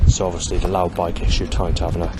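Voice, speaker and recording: A man, talking in a halting, rambling monologue full of fillers and restarts as he reads from his notes. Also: low voice, level tone. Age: 40s. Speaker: vlogger. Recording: loud outdoor traffic noise.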